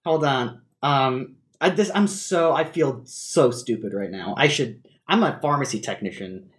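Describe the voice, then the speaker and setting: A man's voice: medium pitch, unhurried, a bit bright. A laughing, rambling man on a call. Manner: rambling, laughs often, swears casually. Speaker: podcast co-host. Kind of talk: casual chat. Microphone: video call.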